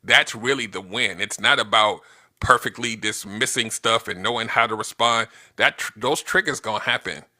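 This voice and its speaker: A man's voice: on the low side, moderate pace, sharp tone. A man talking as a guest on a talk show, explaining points animatedly and checking in with rhetorical questions. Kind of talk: casual conversation.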